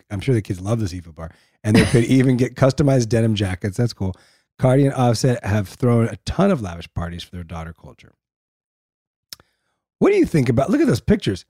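A man co-hosting a podcast in casual chat, teasing and questioning, and quick to laugh. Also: mid-range voice, sing-song, mellow, no echo, studio quality. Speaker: podcast co-host.

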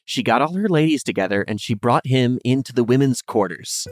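Guy doing a comedy history podcast, super lively pitch, dry close sound, faint music. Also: a little fast, dry recording. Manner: animated, acts out characters in funny voices. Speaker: podcast co-host. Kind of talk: casual history storytelling.

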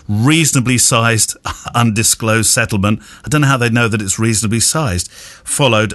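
A man's voice: fairly low pitch, fairly bright tone. A man co-hosting a podcast, chatting casually and reading quiz questions and listener mail with joking asides. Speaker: podcast co-host.

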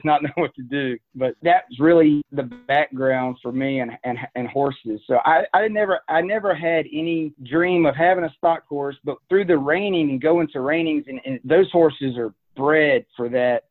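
A man's voice: fairly high pitch, moderate pace. A man telling a rambling, laughing story about buying a horse, often repeating his words. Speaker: horse breeder. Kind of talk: casual storytelling. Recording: tinny phone-line sound.

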